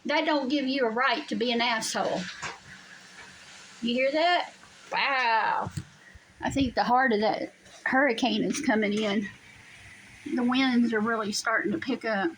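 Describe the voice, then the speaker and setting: A woman's voice: a little high, unhurried, pauses often, fairly bright tone, slight background noise, low-quality recording. A woman telling a story to her viewers in a blunt, emphatic way from her home. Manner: blunt, emphatic, swears freely. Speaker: vlogger. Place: home during a storm.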